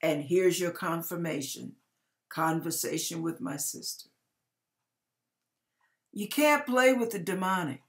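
An older woman preacher giving a dramatic testimony, swinging from loud outbursts to hushed lines in an emphatic, folksy way. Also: lowish voice, animated, unhurried, long pauses. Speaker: ministry preacher.

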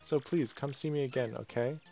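A man voicing a young girl fan who gushes with squealing, breathless excitement. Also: medium pitch, fairly quick, faint music behind, voice pushed up, close to an everyday voice. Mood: dramatic.

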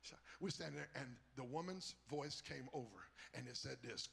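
A bishop preaching a sermon, telling a story that builds into shouted preaching. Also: male voice, lively intonation, moderate pace, vocal fry, hardly any pauses, husky. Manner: rises from low storytelling to shouted, high-pitched preaching.

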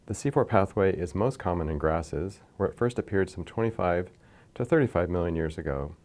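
A man lecturing from slides in a measured, explanatory way, pointing to figures as he goes. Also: low-pitched, expressive, darkish tone. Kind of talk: scripted science lecture over slides.

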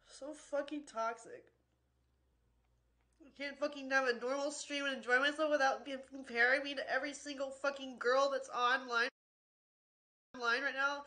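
Woman, high voice, sharp bright tone, furious, constant swearing, exasperated livestream rant. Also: steady tone, normal speed. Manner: exasperated and worn out.

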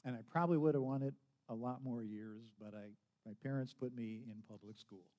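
A man's voice: medium pitch, steady tone, fairly quick, mellow. A man preaching a sermon as pastor, telling a story conversationally, with frequent restarts and acted-out quotes.

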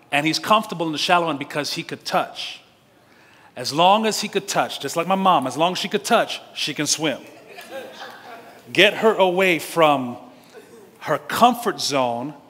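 A man's voice: on the high side, fairly bright tone, in a large hall. A male pastor preaching a sermon, telling stories animatedly with laughs and direct questions to the congregation. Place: church sanctuary.

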